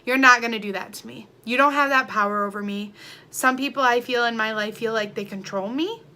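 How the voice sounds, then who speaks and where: A young adult woman vlogging an emotional rant, heated and defiant, swinging between quiet hurt and loud anger. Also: fairly high pitch, brisk.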